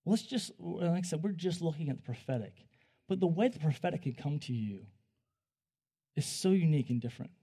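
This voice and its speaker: A young man giving a conversational sermon, animated and joking, often restarting his sentences. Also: fairly high pitch, fairly quick, slightly rough. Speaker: preacher.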